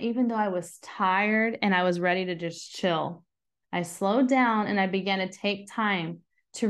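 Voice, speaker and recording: Woman in her thirties, earnest and chatty, somewhat high voice, casual faith talk to an audience. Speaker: mom sharing a devotional talk.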